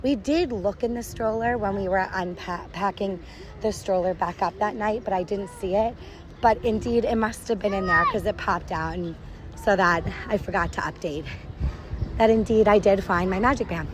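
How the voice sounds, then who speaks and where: Woman in her 30s, upbeat rambling vlogger recording on a phone outdoors, clear crowd and ambient noise behind her. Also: medium pitch, normal speed. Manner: chatty and upbeat, rambling with self-corrections. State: out of breath while walking. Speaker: podcast host vlogging a family park trip. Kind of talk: casual on-the-go audio diary. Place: outdoors at a theme park, walking.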